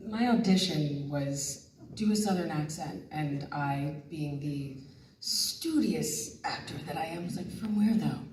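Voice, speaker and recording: A woman's voice: deep voice, takes it slowly. A woman animatedly telling a story as a voice actress on a panel, quoting herself. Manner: animated, excited, quotes herself. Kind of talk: casual storytelling on stage. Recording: echoey hall, distant mic, noise.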